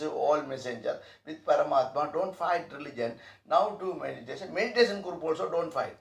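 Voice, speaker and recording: Gravelly guy preaching in broken english, kinda far from the mic in an echoey room. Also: on the high side, fairly quick, few pauses. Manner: broken English, repetitive, animated bursts. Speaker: spiritual teacher. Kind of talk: informal spiritual talk.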